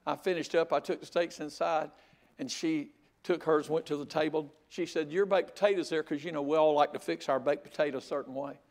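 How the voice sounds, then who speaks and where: An older man preaching a sermon, telling a folksy story with loud outbursts. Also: a little high, fairly even intonation, fairly quick. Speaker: pastor.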